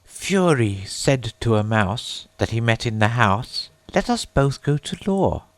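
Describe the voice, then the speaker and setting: A man's voice: mid-range voice, sing-song, measured pace, no room sound, voice pushed up. A man voicing a touchy, gloomy male mouse that speaks severely and takes offence easily, in a storybook. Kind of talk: storybook character voice.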